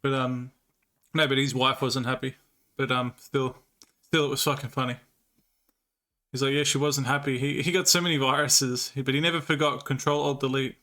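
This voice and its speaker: A man with a bright, forward voice chats on a livestream, rambling through crude stories between laughs. His pitch sits mid-range, and he reads and answers chat in a loose, casual way. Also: steady tone, normal speed, pauses often.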